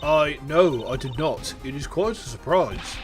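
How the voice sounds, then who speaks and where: A man voicing a graceful foreign woman singer who speaks calmly and formally in a lowered voice. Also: measured pace, soft background music.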